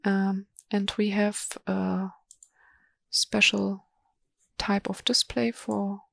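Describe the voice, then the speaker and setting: Female webinar presenter, halting and monotone, dry sound with mouse clicks. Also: mid-range voice, vocal fry, dry recording. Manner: slow, hesitant, many ums and restarts. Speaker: software presenter. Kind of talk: live software demo webinar.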